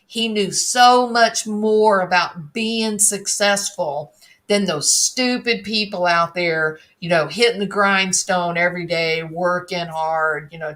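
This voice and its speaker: A woman's voice: on the low side, a bit bright. A woman giving blunt, scornful solo commentary, reading viewer comments and mocking the person she discusses. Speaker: true crime commentator.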